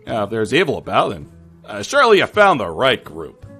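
A man's voice: fairly low pitch, huge pitch swings, fairly quick, pushed and bright, breathy edge, faint music behind, full character voice. A man voicing a boisterous, dim-witted knight who rambles with many fillers, in an audio drama. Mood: brash.

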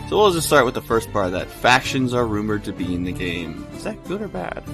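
A man's voice: medium pitch, sing-song, fairly quick, over music. A man hosting a casual podcast, introducing topics and teasing his co-hosts playfully. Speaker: podcast host.

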